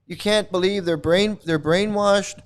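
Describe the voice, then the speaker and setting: A man rants at his viewers with angry, mocking sarcasm, circling back over the same phrases and stuttering through restarts. His voice is smooth and clear and sits a bit high for a man. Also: fairly even intonation, a little slow. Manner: repetitive, stammering restarts. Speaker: commentary video host. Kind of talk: ranting commentary to viewers.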